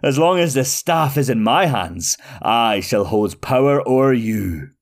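A man's voice: medium pitch, animated, unhurried. A man doing Jekker, a gloating wicked wizard. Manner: gloating, theatrical. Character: gleeful wicked male wizard, cackling and gloating.

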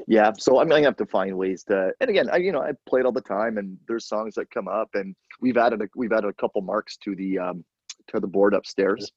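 A man hosting a podcast in casual chat, telling stories with excitable energy. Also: fairly low pitch, fairly quick, breathy edge, no room sound. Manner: animated storyteller, excitable. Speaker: podcast host. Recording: dull, lo-fi dry sound.

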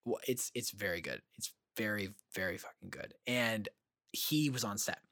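A young man co-hosting a casual chat, telling animated stories with swearing and acted-out quotes. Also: lowish voice, normal speed, no echo, clean studio sound. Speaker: podcast co-host.

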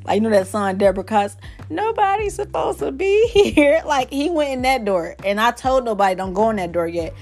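A woman's voice: mid-range voice, darkish tone. Candid woman rambling in a personal monologue. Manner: candid, rambling, many "like" fillers.

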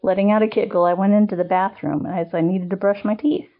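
A woman's voice: mid-range voice, steady tone, brisk, narrow, tinny audio. A woman podcast host reading a first-person story aloud in a conversational, wry storytelling manner.

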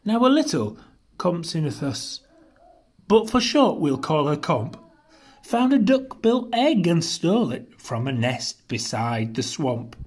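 A man hosting a children's story podcast, reading a rhyming tale aloud in a rhythmic, expressive way. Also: a little high, slow, husky. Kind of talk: storybook narration.

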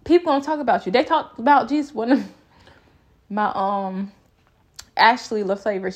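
A woman's voice: a little high, normal speed, long pauses. A young adult woman vlogging a personal faith reflection, with an emphatic, repetitive, preaching cadence.

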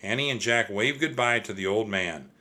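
A man narrating a children's storybook in an expressive, steady reading style. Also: on the low side, normal speed. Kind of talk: audiobook storytelling.

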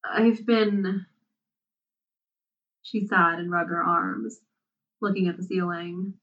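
A woman narrating a story aloud in an unhurried, soft-spoken way. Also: on the low side, level tone. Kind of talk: storybook reading. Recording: dull, distant sound.

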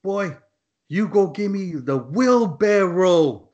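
A bossy foreman in a cowboy hat barks orders and talks down to his workers, as a man puts him on in a story. His voice is raised, loud and high, and the recording is dull and lo-fi. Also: animated, takes it slowly. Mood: barking. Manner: barking, condescending orders. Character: gruff rude male foreman in a cowboy hat.

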